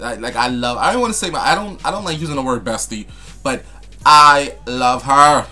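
A man's voice: medium pitch, pushed and bright. A young man vlogging in a casual chat to camera, sassy and flamboyant, calling viewers honey and darling with dramatic, gossipy asides.

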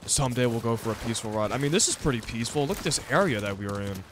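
A young man giving casual, excitable commentary over his first playthrough of a video game, talking back at the game and using slang. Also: medium pitch, very fast, noisy background. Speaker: gamer. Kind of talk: let's play commentary.

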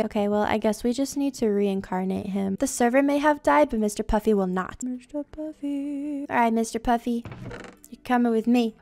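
A woman's voice: on the high side, a little mellow. Chatty young woman gaming YouTuber. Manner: chatty, playful, self-deprecating. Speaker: Minecraft YouTuber. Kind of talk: casual gameplay commentary.

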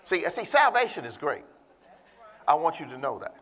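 A man with a high voice preaches a sermon in a church. He speaks emphatically and calls out to his listeners, drawing out the words he wants to land. The sound carries a long hall reverb. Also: sing-song, fairly bright tone. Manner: emphatic, calls out to the congregation, slows down to stress key words.

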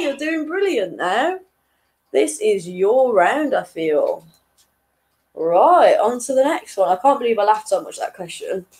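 A woman's voice: mid-range voice, a little mellow, poor audio. A woman in her late twenties hosting an online quiz, chatty and self-deprecating, often breaking into giggles. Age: 20s. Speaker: quiz host.

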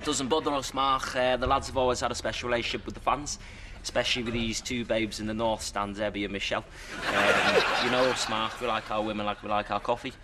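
A man's voice: mid-range voice, a little fast, hardly any pauses, close to an everyday voice. A man playing a crude, smug footballer. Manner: deadpan bragging with crude punchlines. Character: cocky greedy male footballer, dim and crude. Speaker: footballer in a post-match interview sketch. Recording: studio audience laughter, noisy. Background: audience laughter.

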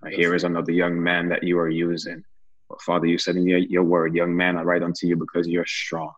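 A man's voice: deep voice, monotone, fairly quick, muffled recording. A man leading a casual Bible study, who closes it with an earnest, repetitive prayer. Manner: earnest, praying with repeated phrases.

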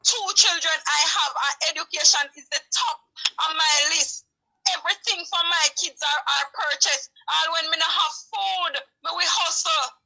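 Impassioned woman, very high bright voice. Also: moderate pace, creaky, poor audio. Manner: impassioned, pleading, preachy, breaks into shouting. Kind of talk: heated live-stream commentary.

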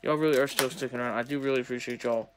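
A young man talking casually to viewers while opening sports cards, chatty and excitable. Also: mid-range voice, racing, a little hiss or hum. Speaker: sports card collector opening packs. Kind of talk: casual pack-opening vlog.

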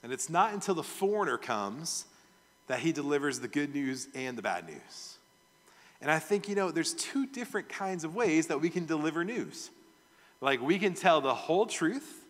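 A man's voice: a little high, big pitch swings, normal speed, a bit bright, big-room sound. A male pastor teaching a verse-by-verse sermon in a conversational way, often asking his audience questions. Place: church sanctuary.

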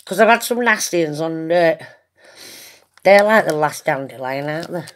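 A woman's voice: low-pitched, lively intonation, moderate pace, a little hiss or hum. A woman chatting casually to camera, giggling often, swearing freely and rambling from one thing to the next.

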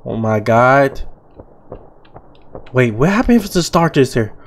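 Over music, a young man talks his viewers through a horror game in a sing-song voice, a little slow. This gaming channel host shifts between low muttering and loud frightened shouts, reading the on-screen text aloud as he goes.

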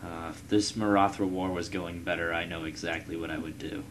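A man's voice: low voice, flat delivery, fairly quick, heavy background noise. A young man casually commenting on his strategy game, rambling, swearing at rival nations and reading game text aloud. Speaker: let's player.

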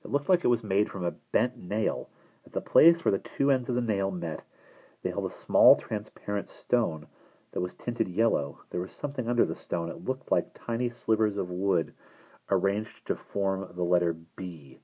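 Man, storybook narrator, husky, low, expressive pitch, muffled lo-fi recording. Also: moderate pace. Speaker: audiobook reader.

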